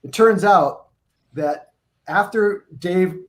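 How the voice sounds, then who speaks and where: A man on a video call stream, telling tour stories in an animated, rambling, profane way. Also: high voice, slow. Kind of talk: casual storytelling on a live video stream.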